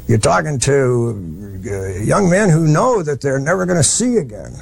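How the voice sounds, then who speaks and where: A man's voice: medium pitch, very animated, measured pace, vocal fry, slight background noise. A man giving a history lecture, telling it as a plain-spoken, folksy story with frequent restarts.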